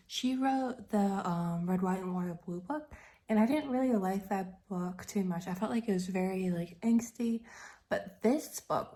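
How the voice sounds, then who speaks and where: A woman's voice: mid-range voice, warm tone. A woman in her twenties chatting casually in a vlog, rambling and filling her talk with "like". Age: 20s. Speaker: vlogger.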